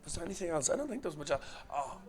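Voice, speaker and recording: A man's voice: a little high, sing-song, racing. A young Irish man telling a story on a podcast, laughing often and swearing freely. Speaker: podcast co-host. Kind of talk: casual chat.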